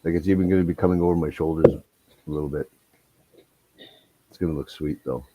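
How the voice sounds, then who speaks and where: A man's voice: very deep voice, fairly even intonation, quick pace, heavy background noise. A man chatting on a livestream, telling stories full of swearing and teasing with a laugh. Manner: profane, laughing, teasing storyteller. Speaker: guest on a livestream. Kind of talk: casual chat.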